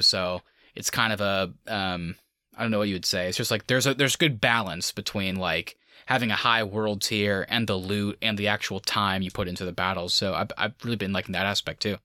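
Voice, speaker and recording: A man co-hosting a podcast, chatting loosely with plenty of fillers and easy laughter. His voice is bright and forward, recorded close and dry with no room sound. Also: lowish voice, quick pace, no echo. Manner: laid-back, frequent fillers and laughter. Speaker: podcast co-host. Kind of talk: casual chat.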